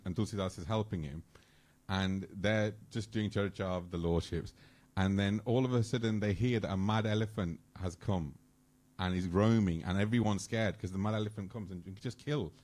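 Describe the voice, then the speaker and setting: Low-voiced man telling devotional stories. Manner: animated storyteller, acts out dialogue. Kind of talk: storytelling talk. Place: temple hall.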